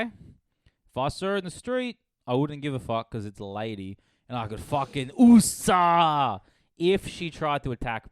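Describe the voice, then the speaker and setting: A man retells a late-night story on his podcast, casual and full of swearing. His voice is smooth and resonant, recorded close with a dry sound. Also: medium pitch, no echo. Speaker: podcast host. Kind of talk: casual chat.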